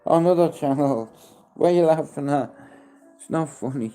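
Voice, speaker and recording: A man in his fifties on a casual live stream, mixing coaxing sing-song baby talk and sudden loud calls with rambling, heartfelt chat. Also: a little high, moderate pace, faint music behind. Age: 50s.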